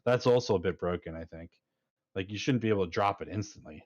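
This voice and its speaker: A fleet commander appears as a guest on a casual panel, talking in a deep voice at a quick clip with the high frequencies cut off. He speaks emphatically and keeps tossing in "right?" to check in with the others.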